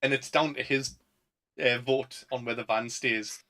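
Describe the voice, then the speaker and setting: A man's voice: mid-range voice, fairly even intonation, a little slow, pushed and bright. A man with a Northern English accent co-hosting a casual chat, laughing often and acting out film quotes. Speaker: podcast co-host.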